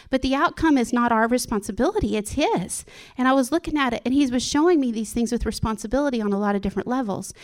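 A woman's voice: a little high, a little mellow. A woman speaking to her church in an informal sermon, earnest and personal, often breaking into laughs and restarting her sentences. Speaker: church speaker sharing a devotional.

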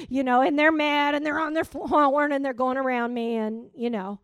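A woman preaches a sermon in a slightly high voice. She punches her declarations out loudly, then sinks into hushed, almost whispered asides. The sound is close and dry, with no room echo. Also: fairly even intonation, a little fast, hardly any pauses, clean tone. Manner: swings from loud emphatic declarations to soft near-whispered asides.

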